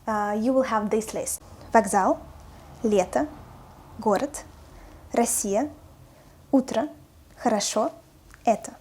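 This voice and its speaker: A woman, a native Russian speaker with a Russian accent, teaching a language lesson with slow, careful pronunciation drills. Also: a little high.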